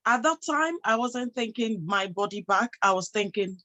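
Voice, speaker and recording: A woman's voice: mid-range voice, expressive, normal speed, bright, forceful tone, low-quality recording. A woman giving a motivational talk to an audience, emphatic, posing rhetorical questions and answering them herself. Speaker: motivational speaker and health professional.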